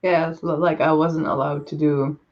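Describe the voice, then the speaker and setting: A podcast host chats casually, blunt and peppered with swearing and jokes. The voice sits at a middle pitch. The recording is dull and lo-fi. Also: little pitch movement, moderate pace. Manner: blunt, profane, joking.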